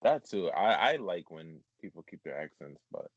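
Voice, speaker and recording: A man's voice: low voice, very animated, moderate pace, no echo, lo-fi sound. A man hosting a casual podcast chat, rambling and laughing, heavy on fillers. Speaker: podcast host.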